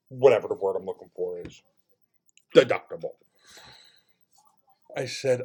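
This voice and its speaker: A man telling a frustrating customer-service story in a casual, animated way, swearing freely and swinging from low mutters to loud outbursts. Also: a little slow, pauses often, husky.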